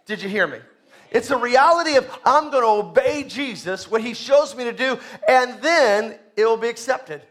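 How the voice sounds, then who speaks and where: A man preaching from the pulpit, his voice sitting unusually high for a man with a bright, ringing edge. He sinks into quiet, low asides, then climbs into shouted calls for the congregation to answer back. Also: lively intonation, normal speed. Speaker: pastor. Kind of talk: sermon.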